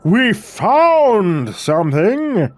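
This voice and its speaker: A man's voice: medium pitch, moderate pace, no echo, soft background music, lightly acted. A man doing a hammy young show-off. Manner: loud, hammy and excited. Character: showy young man filming his own video.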